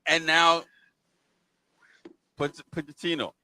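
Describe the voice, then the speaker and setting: A man's voice: on the high side, little pitch movement, takes it slowly, pushed and bright, low-quality recording. A man co-hosting a casual football chat, playfully announcing predictions with mock drama. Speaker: football podcast co-host.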